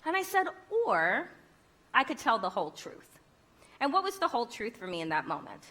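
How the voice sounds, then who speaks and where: A woman's voice: a little high, big pitch swings, normal speed, pushed and bright. A woman giving a conference keynote speech, emphatic and rhetorical, with wry humor. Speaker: keynote speaker.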